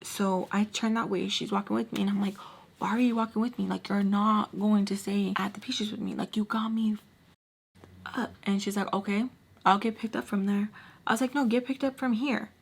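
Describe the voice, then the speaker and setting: A young woman in her twenties telling a story to her camera, animated and full of slang, acting out what people said. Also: mid-range voice, moderate pace, creaky, husky. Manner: animated, acts out quotes, frequent slang and "like". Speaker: storytime vlogger. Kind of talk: casual storytelling.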